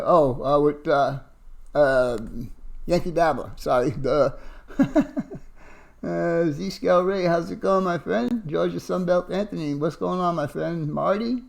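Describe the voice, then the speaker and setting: A man with a gravelly, slightly raised voice hosts a casual livestream. He greets viewers one at a time and pads his talk with fillers and chuckles. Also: on the high side. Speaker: livestream host.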